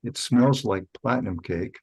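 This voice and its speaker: A man's voice: mid-range voice, normal speed, a little mellow, breathy edge, dry recording, rough recording. A man chatting casually about his growing, laid-back and rambling with fillers. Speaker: home cannabis grower guest. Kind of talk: casual group chat.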